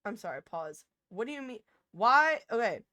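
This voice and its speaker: A young woman streamer chatting casually with her chat, rambling and interrupting herself, now and then breaking into loud laughter. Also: a little high, big pitch swings, normal speed, no room sound, clean studio sound.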